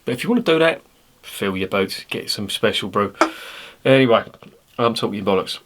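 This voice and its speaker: A man's voice: lowish voice, expressive, normal speed, fairly bright tone. A man, giving a casual, rambling, sweary beer review monologue. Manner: rambling, sweary, blunt banter.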